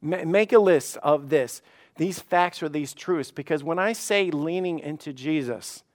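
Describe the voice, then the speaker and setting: A male pastor preaching a sermon, his voice sitting a bit higher than most men's. He talks earnestly and repeats words as he builds each point. On the key lines he slows right down and goes softer.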